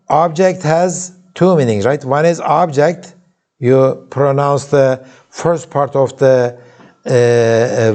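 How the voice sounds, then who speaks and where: A man with a Turkish accent, a native Turkish speaker, giving a university lecture in English. He keeps checking in with the class with "okay?" and "right?" and pauses often on filler sounds. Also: medium pitch, dark tone. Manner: halting, with many filler sounds and restarts.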